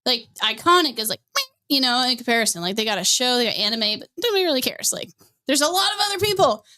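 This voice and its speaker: A woman's voice: a little high, very animated, quick pace, bright, forceful tone. A woman hosting a podcast, ranting in a blunt, profane and sarcastic casual way. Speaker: podcast host.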